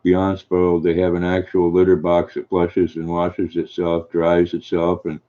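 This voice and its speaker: Older man with a low, flat voice. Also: measured pace. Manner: gentle, folksy, reads viewer comments aloud and answers them. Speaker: livestream host reading chat. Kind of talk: casual chat. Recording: dull lo-fi stream audio.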